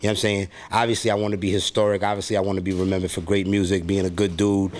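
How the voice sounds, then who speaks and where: A middle-aged man with a New York accent talks easily in a low voice. He sounds laid-back and loose, dropping casual fillers as he goes. He talks like an interview guest. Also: level tone, rapid-fire, darkish tone. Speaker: music producer, guest.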